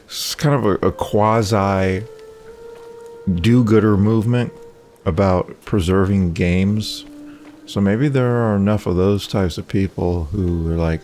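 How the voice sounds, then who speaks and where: A man's voice: sits low, steady tone, a little slow, darkish tone, slight background noise. A man casually commenting on a game he is playing, rambling and wry, talking back to the characters. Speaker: gameplay commentator. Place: home.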